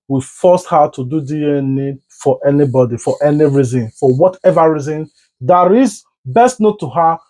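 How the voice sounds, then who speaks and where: A man's voice: on the high side, poor audio. A Nigerian man hosting a commentary show, arguing his opinion and acting out quarrels with a rising voice. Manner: animated, acts out arguments with rising voice.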